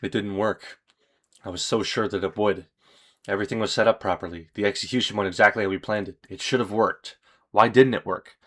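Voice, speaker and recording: A man reading as a grim, weary man writing a confession journal, in a solemn, measured way. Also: on the low side, fairly even intonation, fairly bright tone.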